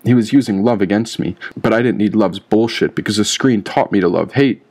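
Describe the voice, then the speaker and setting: A man's voice: fairly low pitch, brisk, darkish tone. A man reading his own audiobook aloud in a grim, rhythmic first-person telling. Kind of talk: audiobook narration.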